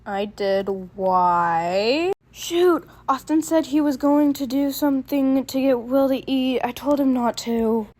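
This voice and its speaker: A woman's voice: sits high, slow, a little mellow, pitched above the performer's own voice. A woman voicing an anxious, caring teen girl in a fan audio story. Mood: worried.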